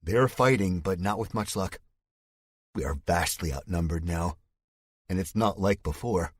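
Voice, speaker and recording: A man narrating a thriller audiobook in the first person, in a measured, somber storytelling tone. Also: low voice.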